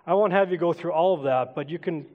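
Middle-aged pastor guy, pretty high voice, chatty sermon getting folks to join in, big echoey church hall. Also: quick pace, narrow, tinny audio. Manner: conversational, coaxing the congregation to take part. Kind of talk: interactive sermon. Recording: long hall reverb.

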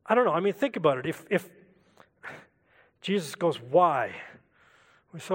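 A man preaching a sermon in a reflective way, asking rhetorical questions and slowing down for emphasis. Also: a little high, very animated, fairly bright tone, slightly rough, big-room sound.

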